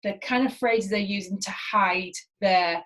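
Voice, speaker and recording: A woman's voice: medium pitch, measured pace, rough recording. A woman mindset coach teaching a lesson on listening skills, acting out client phrases as she explains. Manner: lively, acts out client phrases.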